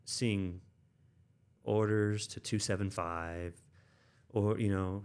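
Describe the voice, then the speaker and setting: Man, thirties, low voice, gravelly fry, rambling army stories, lots of fillers. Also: a little mellow. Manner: rambling, many fillers and restarts, acts out quoted dialogue. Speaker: guest, Army veteran. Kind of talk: casual storytelling interview.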